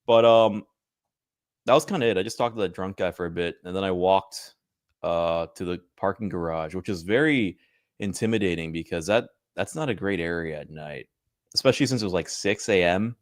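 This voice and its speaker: A man's voice: low voice, fairly quick, no echo, studio quality. A man co-hosting a podcast, chatting casually and telling rambling anecdotes. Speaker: podcast co-host. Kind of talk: casual chat.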